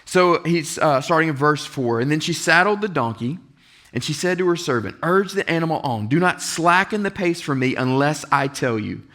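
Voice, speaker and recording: A man's voice: a little high, lively intonation, normal speed, fairly bright tone. A man preaching to his congregation in a church sanctuary. He reads scripture aloud and slips into the voices of the people in the story. His delivery is earnest throughout. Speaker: pastor. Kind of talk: sermon.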